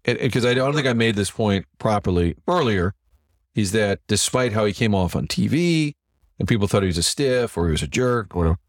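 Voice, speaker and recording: A man's voice: fairly low pitch, a little fast, no room sound, clean studio sound. A middle-aged man, a TV sports director, telling stories as a guest in a casual interview and acting out what others said. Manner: animated anecdote teller who acts out quotes.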